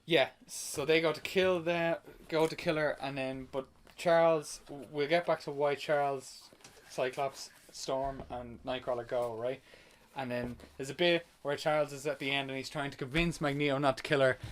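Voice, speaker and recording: A man chats on a casual podcast, running through a movie's story in a loose, profane way that is thick with "uh" and "like". His voice sits at an ordinary middle pitch. A faint hiss of noise sits under the talk. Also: steady tone, normal speed. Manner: loose, profane plot retelling with many fillers. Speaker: podcast host reviewing a film. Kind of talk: casual chat.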